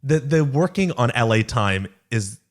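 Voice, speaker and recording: Expressive and a little slow, a young man with a mid-range voice co-hosts a podcast in casual chat. He tells rambling stories stuffed with filler words.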